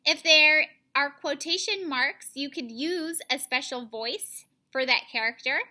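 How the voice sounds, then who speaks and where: A young woman teaches children to read in an online lesson, modeling phrasing with clear, deliberate care. Her voice sits high, with a bright, forceful tone.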